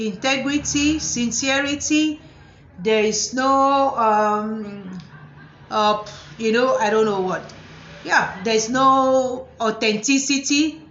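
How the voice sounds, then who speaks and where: Animated woman therapist in an echoey room. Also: on the high side, slight background noise. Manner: animated, acts out controlling partners in mocking voices. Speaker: psychotherapist and motivational speaker. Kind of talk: talking to camera about relationships. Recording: echoey room, slightly dull sound.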